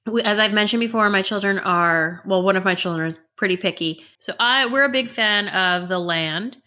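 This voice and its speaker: A chatty woman in her forties telling stories in a casual podcast conversation. Her voice is bright and clear, at an ordinary pitch, and she slips into little acted quotes as she talks. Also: moderate pace. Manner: chatty storyteller who acts out family quotes. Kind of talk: casual chat.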